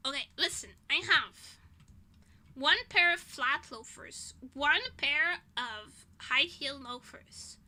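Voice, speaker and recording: A woman's voice: high voice, slow pace, sharp tone. A young woman streamer chatting casually, ranting indignantly with swearing and laughter. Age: young adult.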